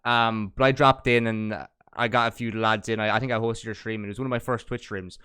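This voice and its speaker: A man's voice: fairly low pitch, steady tone, a little fast, sharp tone, clean tone, no echo, clean studio sound. A young man hosting a casual podcast, asking friendly questions with hesitant fillers. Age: young adult. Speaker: podcast host.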